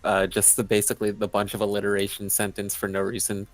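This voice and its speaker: A man's voice: fairly low pitch, monotone, quick pace, no echo. A young man co-hosting a live stream, chatting casually and rambling with restarts and chuckles. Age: young adult. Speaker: stream co-host. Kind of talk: casual chat while writing.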